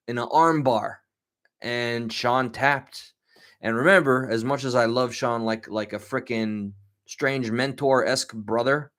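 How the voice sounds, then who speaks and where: A man's voice: medium pitch, a bit bright. A man in his thirties, sleep-deprived, telling rambling casual stories with many restarts. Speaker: vlogger. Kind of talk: casual storytelling monologue.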